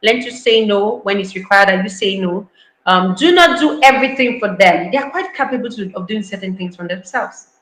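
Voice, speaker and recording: A woman's voice: medium pitch, animated, a little fast, a bit bright, echoey room, rough recording. A woman giving an online parenting talk, emphatic, repeating key lines and acting out parents' voices. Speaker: parenting speaker.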